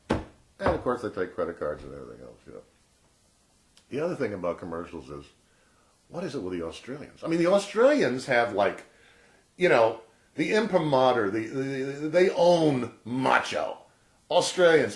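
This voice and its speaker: A man's voice: fairly low pitch, big pitch swings, fairly quick. A man in his sixties chatting casually and jokingly to camera as a vlogger. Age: 60s. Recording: roomy echo.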